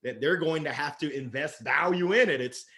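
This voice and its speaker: Upbeat guy on a sales podcast, kinda high bright voice, jokes and laughs a lot. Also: moderate pace, gravelly. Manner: lively, laughs often, playful. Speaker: sales leader guest. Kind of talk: casual interview chat.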